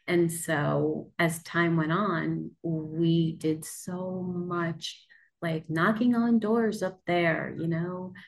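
A woman from New York hosting a podcast interview, speaking in a measured storytelling way. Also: fairly low pitch, steady tone, vocal fry, rough recording. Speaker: podcast host. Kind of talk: conversational interview.

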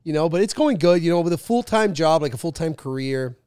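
A man's voice: fairly high pitch, animated, brisk, darkish tone, smooth, no echo, studio quality. A man guest comedian chatting casually on a podcast, rambling with lots of fillers.

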